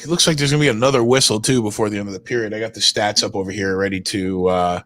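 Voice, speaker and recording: A man's voice: fairly low pitch, fairly even intonation, quick pace, fairly bright tone, no echo. A man hosting a live hockey watch stream, chatting casually and rattling off player names. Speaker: stream host. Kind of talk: casual live game commentary.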